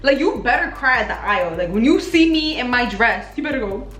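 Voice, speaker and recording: A woman's voice: fairly high pitch, expressive, a little fast, fairly bright tone. A young woman vlogger chatting with her partner in a casual Q&A, bubbly and chatty, laughing often. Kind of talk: casual couple Q&A chat. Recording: echoey room with faint noise.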